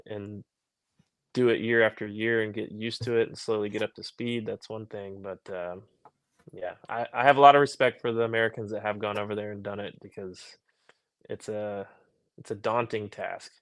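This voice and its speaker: A young man chatting as a podcast guest in a relaxed, thoughtful way that trails off. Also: fairly low pitch, moderate pace, dry recording. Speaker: podcast guest, motorcycle racer. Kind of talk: casual chat.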